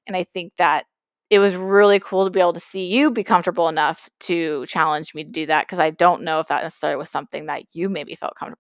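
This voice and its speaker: A woman's voice: fairly low pitch, steady tone, fast, dry recording, clean studio sound. A young woman co-hosting a podcast, chatting casually and acting out quoted lines as she tells a story. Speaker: podcast co-host. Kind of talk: casual chat.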